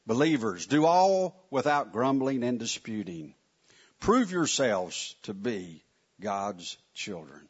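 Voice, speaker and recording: Speaking slowly in a sing-song, medium-pitched voice, a pastor preaches in a church sanctuary, rising and falling to emphasize his points. His manner is folksy and direct with a slightly husky edge and plenty of asides to the people in the pews. The audio is muffled and lo-fi.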